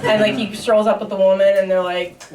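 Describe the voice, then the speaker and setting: A woman's voice: mid-range voice, level tone, a little fast. A young woman performing a stand-up comedy set on a club stage, rambling and laughing through her punchlines while acting out characters. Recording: echoey club recorded from far off, loud noise. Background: audience laughter.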